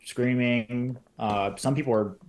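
A man's voice: mid-range voice, steady tone, slow pace. A man, a podcast guest, casually retelling events in detail, acting out what people said and filling his speech with "like.". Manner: retells events in detail, acting out quoted lines, many fillers like "like". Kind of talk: casual personal storytelling.

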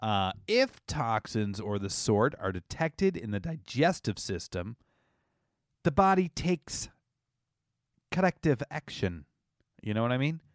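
A man's voice: medium pitch, sing-song, a little slow, long pauses, dry recording, clean studio sound. A man hosting a casual comedy radio show, playful and laughing often, explaining with frequent asides.

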